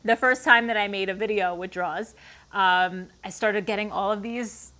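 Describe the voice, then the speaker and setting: A woman's voice: medium pitch, steady tone, moderate pace, sharp tone. Woman, Long Island accent, woodworking host, casual Q&A, lots of fillers, garage workshop. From Long Island, New York. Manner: chatty, laughs often, many "like" fillers. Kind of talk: casual Q&A talk to camera.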